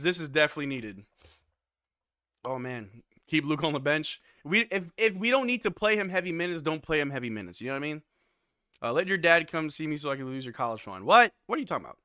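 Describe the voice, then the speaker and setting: A man hosting a live watch-along stream, calling plays and reacting loudly with hype shouts on big moments. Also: a little high, lively intonation, brisk, clear, resonant tone, dry recording, studio quality. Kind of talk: excited live game commentary.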